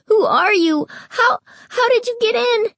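Lady doing a scared little boy, squeaky high, begging and stammering, storybook. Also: sing-song, slow pace, bright, forceful tone, dry recording, heavily acted. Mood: terrified. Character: frightened young boy, whiny little brother. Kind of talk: storybook reading.

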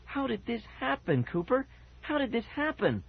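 A man's voice: very high voice, sing-song, normal speed, vocal fry, slightly rough, voice pushed up, heavily acted. A man reading an audiobook, voicing a frantic young girl turned into a chipmunk, with a wailing, panicky manner. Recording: dull old cassette audio.

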